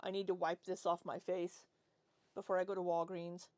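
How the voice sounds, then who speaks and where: A woman's voice: on the low side, little pitch movement, moderate pace, darkish tone, no room sound. A woman in her forties chatting casually on a livestream, rambling as she reads and answers chat. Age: 40s. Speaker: livestream host.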